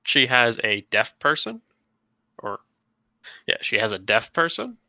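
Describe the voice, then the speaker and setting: A man chatting casually with fellow players about their tabletop campaign, animated and slipping into quick character voices. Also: medium pitch, gravelly, dry recording, highs cut off.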